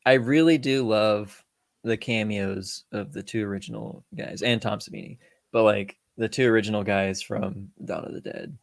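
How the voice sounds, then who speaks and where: A man's voice: fairly low pitch, fairly even intonation, moderate pace, gravelly, no echo. A man in his thirties co-hosting a casual film review podcast, joking, swearing and quoting lines in silly voices. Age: 30s. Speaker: podcast co-host.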